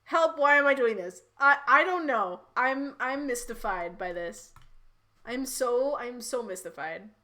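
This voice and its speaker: A woman streamer riffing through a live fan-fiction read in a rambling, giggly, incredulous way. Her voice sits fairly high and sounds bright and sharp. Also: expressive, measured pace.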